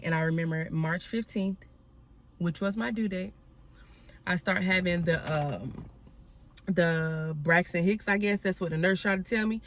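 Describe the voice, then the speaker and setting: Candid young woman with a low voice. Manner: candid, conversational, addresses viewers as y'all. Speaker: vlogger. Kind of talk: personal storytime.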